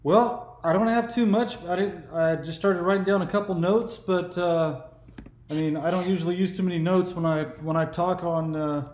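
A man's voice: high voice, fairly even intonation, moderate pace, darkish tone. Easygoing man in his forties, roomy sound. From California. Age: 40s. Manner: easygoing, meandering talk. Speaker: YouTube host. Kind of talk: casual phone conversation.

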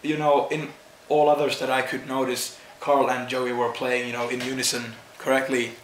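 Hoarse male fan, halting and searching for words, roomy echo behind him. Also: mid-range voice, level tone. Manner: hesitant, gropes for words. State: hoarse after the concert. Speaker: concert-goer being interviewed. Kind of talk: casual post-concert interview. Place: outdoors at a festival at night. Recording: echoey with loud background noise.

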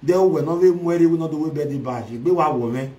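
A man delivers a mocking, loud social media rant, switching between Pidgin, Yoruba and Igbo. His voice sits high for a man and rings in a roomy, echoey space. He sounds set back from the microphone. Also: quick pace, recorded from a distance. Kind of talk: ranting livestream commentary.

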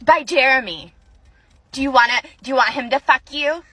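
Woman vlogger, furious profane rant; very high pitch, dry recording. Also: normal speed, slightly rough, no room sound. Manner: furious, profane, shouting at times. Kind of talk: angry personal rant video.

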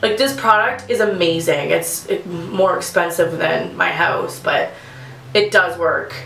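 A woman's voice: lowish voice, measured pace, gravelly, fairly bright tone, roomy sound, a little hiss or hum, poor audio. A young woman doing a casual makeup tutorial at home, chatting nervously and giggling, poking fun at herself. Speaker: beauty vlogger.

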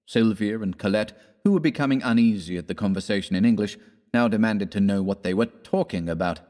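A man narrating a classic story in a measured, theatrical reading, giving the characters their own voices. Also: fairly low pitch, a little mellow. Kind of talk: scripted audiobook narration.

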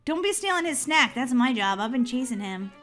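A woman hosting a gaming channel, giving excitable let's-play commentary, giggling and shrieking when chased. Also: high voice, fairly quick, soft background music.

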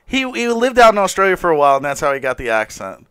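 A man's voice: fairly high pitch, very animated, fast talker, fairly bright tone. A man co-hosting a podcast in casual chat, with an American accent that mixes northern and Southern, rambling, swearing casually and laughing often. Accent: American, mix of northern and Southern. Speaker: podcast co-host.

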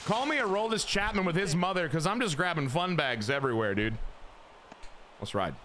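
A young man streaming a baseball video game, giving crude, excitable commentary that jumps into high squeals. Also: fairly quick, a little hiss or hum. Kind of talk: casual gameplay commentary.

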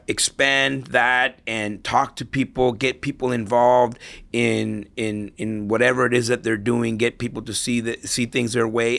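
A middle-aged podcast guest talks casually, using anecdotes to make his points and frequently repeating and restarting words. His mid-range voice is gravelly with a fairly bright tone.

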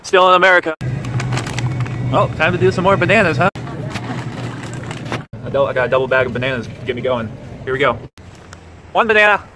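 A man's voice: high-pitched, noisy background. A man vlogging as he walks along a road outdoors, talking in a playful, rambling way full of jokey asides into a handheld camera. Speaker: vlogger walking across the country. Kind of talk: goofy walking vlog. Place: roadside outdoors.

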